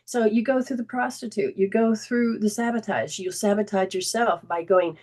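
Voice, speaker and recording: A woman's voice: mid-range voice, normal speed. A woman hosting a spiritual self-help talk, speaking in an earnest, conversational way, often restarting sentences and briefly acting out remembered dialogue. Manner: acts out remembered dialogue in lively quoted voices. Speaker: host and spiritual healing coach.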